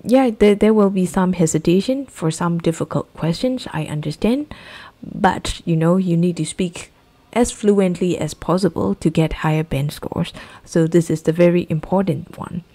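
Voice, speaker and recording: A woman's voice: fairly low pitch, normal speed, dark tone. A woman with a Burmese accent, a native Burmese speaker, patiently explaining the IELTS speaking test as a teacher. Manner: explaining patiently, asks for agreement.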